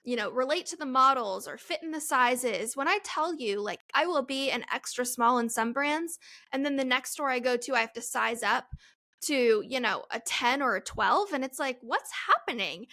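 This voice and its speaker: A woman's voice: high-pitched, moderate pace, bright, forceful tone. A woman in her twenties hosting a solo Q&A podcast, talking in a chatty, rambling way and laughing at herself. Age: 20s. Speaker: podcast host. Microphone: headphones, studio-style mic.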